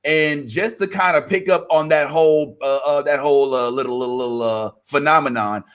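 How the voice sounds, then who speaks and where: Texan male co-host, high bright tone, relaxed mumbly delivery, video-call sound. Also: a little fast, clear, resonant tone. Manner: laid-back, trailing off with mumbled asides. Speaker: podcast co-host. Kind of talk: casual chat.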